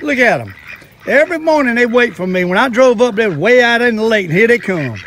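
A man's voice: very high-pitched, lively intonation, brisk, fairly bright tone, slight background noise. An older man, talking in a folksy, chatty way as he hosts a casual fishing vlog outdoors by a lake. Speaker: fishing vlogger.

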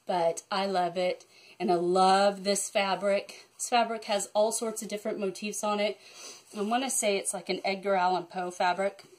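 A woman chatting excitedly to camera about her cross-stitch projects, rambling with many asides. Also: mid-range voice, normal speed. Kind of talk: casual chat to camera. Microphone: phone camera.

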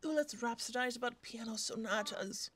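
A woman's voice: on the high side, normal speed, a crowd in the background. A young woman giving casual, chatty commentary on her own game play, often laughing and gasping as she goes. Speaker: gaming youtuber.

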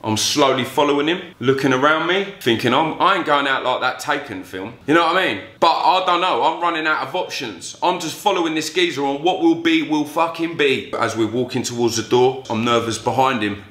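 A man's voice: on the high side, a little fast, hardly any pauses, fairly bright tone. A man, telling a story bluntly and swearing a lot in a vlog. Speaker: vlogger. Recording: roomy echo.

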